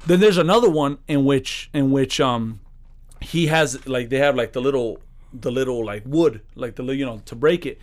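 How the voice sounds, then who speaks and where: A man's voice: medium pitch, normal speed. A man co-hosting a podcast, telling a story in rambling casual chat with many restarts. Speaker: podcast co-host.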